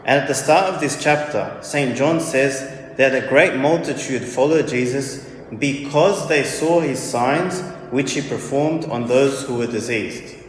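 A man's voice: medium pitch, measured pace. A man preaching a homily, retelling scripture earnestly and repeating key questions. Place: church. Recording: very echoey church hall.

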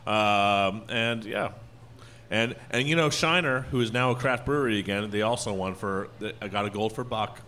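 Bright-voiced rambling brewer. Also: male voice, lowish voice, moderate pace, a little hiss or hum. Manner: rambling, many restarts, animated when retelling stories. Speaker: brewery co-owner. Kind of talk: casual podcast chat.

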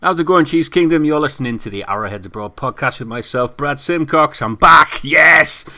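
Bright-voiced Geordie man. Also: mid-range voice, lively intonation, brisk. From northern England. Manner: jokey, self-deprecating. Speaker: podcast co-host. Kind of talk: casual chat.

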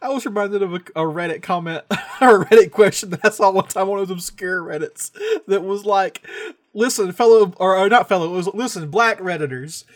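A man hosting a casual comedy podcast, talking in an animated, exaggerated way. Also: sits high, a little fast, hardly any pauses. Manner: animated, reads quotes aloud with exaggerated delivery.

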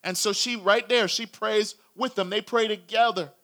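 Earnest preacher guy, high bright voice, telling a story to his church. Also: fairly even intonation, moderate pace. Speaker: pastor. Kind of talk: sermon storytelling.

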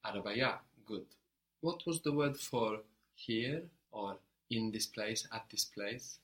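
Male language tutor, low voice, patient, asks questions and praises briefly. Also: slow, fairly bright tone. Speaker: language teacher. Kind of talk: guided language lesson.

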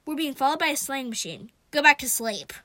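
A woman voicing an exasperated teenage boy who yells his lines. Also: sits high, sing-song, quick pace, no room sound. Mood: frantic. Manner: harried, yelling, exasperated.

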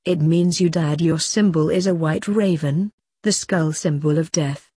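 A sardonic young male reaper prince, as a woman voices him in a storybook reading, husky and a touch low. He mocks everyone in an offhand drawl. Recorded dry and close. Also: steady tone, a little slow, dark tone, dry recording. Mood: mocking. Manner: mocking, offhand.

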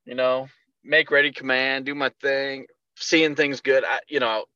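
A man co-hosts a podcast, telling a story animatedly and acting out the quotes in a bright, forceful voice. The sound is dry and somewhat dull, like a lo-fi recording. His pitch sits in an ordinary middle range. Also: little pitch movement, a little slow, clear, resonant tone, dry recording. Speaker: podcast co-host. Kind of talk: casual chat.

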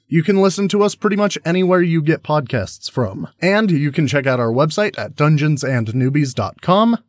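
A man's voice: medium pitch, dry recording, clean studio sound. A man hosting a podcast, explaining a topic in a friendly, step-by-step way. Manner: friendly, explains in plain steps. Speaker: podcast host.

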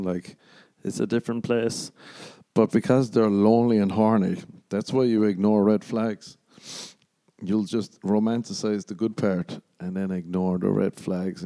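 A man's voice: lowish voice, warm tone, no echo. A man hosting a solo podcast, ranting casually with lots of swearing, sardonic asides and mocking put-on voices. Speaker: podcast host.

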